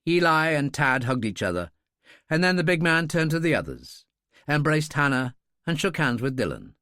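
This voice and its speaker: A male audiobook narrator with a fairly high, lively voice that rises and falls freely. The recording is dry and close to the microphone, with no room sound. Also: moderate pace, dry recording.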